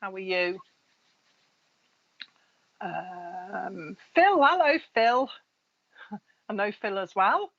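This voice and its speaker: A woman's voice: mid-range voice, very slow, long pauses. Chatty woman medium on a livestream. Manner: chatty, friendly, laughs between names. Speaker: spiritual medium hosting live readings. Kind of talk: casual live-stream chat greeting viewers. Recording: slightly dull lo-fi live-stream audio.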